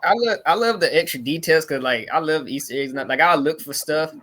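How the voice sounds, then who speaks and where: A man co-hosting a casual podcast, relaxed and quick to laugh. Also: a little high.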